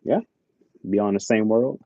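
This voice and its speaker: A man's voice: fairly low pitch, normal speed, no echo, phone-quality sound. A man hosting a live stream, chatting casually and laid-back, swearing and saying "bro". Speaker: streamer host. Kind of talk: casual chat.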